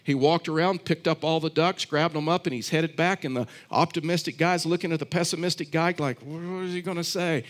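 A man's voice: a little high, brisk, hardly any pauses. A man preaching a sermon, earnest and repetitive, telling stories with frequent restarts. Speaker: pastor.

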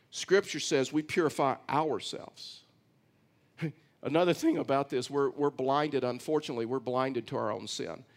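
Texan preacher guy, kinda high voice, folksy storytelling sermon. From Texas. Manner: conversational, storytelling, emphatic preaching. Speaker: pastor.

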